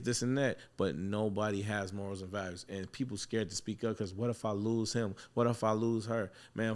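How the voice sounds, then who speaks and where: A man hosting a barbershop talk, speaking bluntly and profanely in casual chat and telling stories with animated put-on voices. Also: medium pitch. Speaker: barbershop owner and host.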